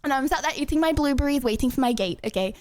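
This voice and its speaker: A woman's voice: high-pitched, lively intonation, fast talker, darkish tone, no room sound. A young woman streaming in casual chat, rambling and chatty with lots of filler words.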